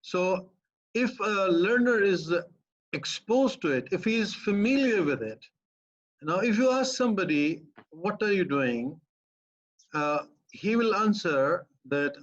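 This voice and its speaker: Emphatic high-voiced Pakistani English professor. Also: male voice, animated, a little slow. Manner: emphatic, piles up repeated phrases. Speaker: professor answering a student's questions. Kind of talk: explanatory academic talk. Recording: muffled lo-fi recording.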